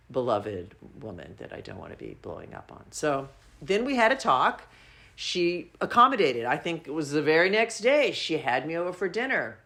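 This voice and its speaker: Podcast co-host, female, blunt and outspoken, casual conversational delivery. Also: extremely low pitch. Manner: blunt, candid and sharp-tongued, swears casually.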